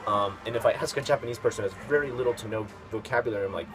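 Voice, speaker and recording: A man's voice: lowish voice, very fast, music in the background. A man hosting a video, telling a story in a casual, rambling way with many fillers and restarts. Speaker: video host. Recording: noticeable background noise.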